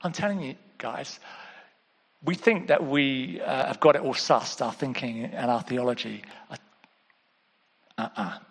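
A man preaching a sermon, casual and direct, dropping to hushed asides and rising to emphatic exclamations, often calling out to the congregation. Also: medium pitch, a little slow, slightly rough, in a large hall. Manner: conversational, with repeated calls to the audience.

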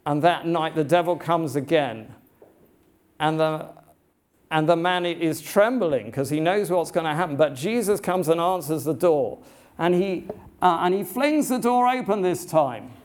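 Earnest halting male preacher. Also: fairly high pitch, animated. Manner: earnest, halting, many restarts. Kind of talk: sermon storytelling.

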